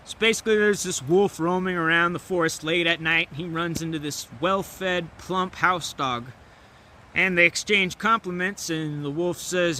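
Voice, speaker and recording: Young man, outdoor vlog, relaxed ramble, high and very bright voice, faint traffic behind. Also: a little slow. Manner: relaxed, rambling, laughs, filler words. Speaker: vlogger. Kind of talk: casual storytelling and musing.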